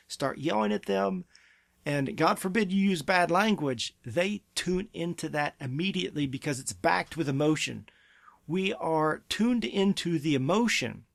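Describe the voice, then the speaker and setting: A man's voice: high-pitched, creaky, fairly bright tone, dry recording, clean studio sound. A man giving parenting advice as a therapy clinic presenter, earnest and emphatic. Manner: earnest, emphatic, acts out parent and child quotes. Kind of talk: advice talk to camera.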